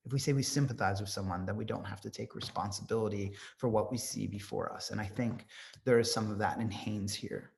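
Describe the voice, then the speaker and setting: A man's voice: medium pitch, gravelly. A man giving an informal literature lecture, talking off the cuff in a conversational way with frequent ums.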